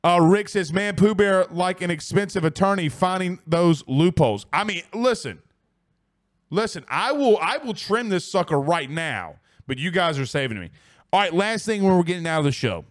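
A man with a high-pitched voice hosts a casual sports talk show on a studio mic. He reads out listener comments in an excitable, rambling way, laughing often and restarting his sentences. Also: moderate pace.

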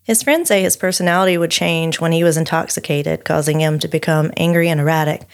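A woman with a drawl narrates a researched true-crime case for her podcast. Her voice sits a little low, and she reads steadily but breaks off for friendly back-and-forth with her co-host. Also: quick pace. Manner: steady storyteller reading researched notes, chatty asides.

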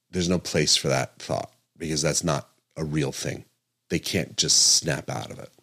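A middle-aged man with an extremely deep, low voice, hosting a podcast monologue as a doctor. He speaks earnestly and with emphasis, circling back to repeat key points and stopping to correct himself mid-thought. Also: a bit bright.

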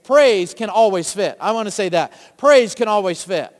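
A man preaches in a high, ringing voice, drawing amens and throwing questions out to the congregation. His words trail off into the long echo of a church sanctuary. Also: animated, moderate pace. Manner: rousing, calls for amens and asks the crowd questions. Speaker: pastor. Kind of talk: sermon. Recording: long reverb of a church hall.

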